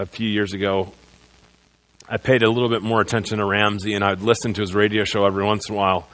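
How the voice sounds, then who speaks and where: A man preaching a sermon as pastor in a church, moving between loud proclamation and quiet earnest passages. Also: lowish voice. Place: church sanctuary.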